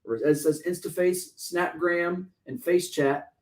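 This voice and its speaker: A man hosting a sports talk show, talking fast and joking excitedly with his co-host. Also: sits high, poor audio. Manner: fast, excitable, jokey and talkative.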